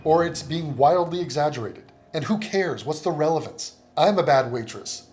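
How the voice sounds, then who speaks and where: A man making heated reaction commentary, sarcastic and profane, with rapid-fire rhetorical questions. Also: fairly high pitch, lively intonation, darkish tone. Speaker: commentary YouTuber.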